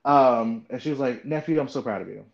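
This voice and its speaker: A man in the host seat of a casual podcast, middle-pitched, telling stories with plenty of "you know" and "like". He acts out the people in his stories, and the track sounds dull and a bit lo-fi. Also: fairly quick, creaky. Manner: animated storyteller, acts out quoted voices. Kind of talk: casual chat.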